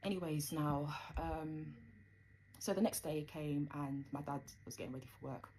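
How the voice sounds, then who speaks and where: A woman's voice: sits low, fairly even intonation, normal speed, darkish tone, slight background noise, rough recording. A young woman telling a personal story in a rambling, conversational way with plenty of fillers.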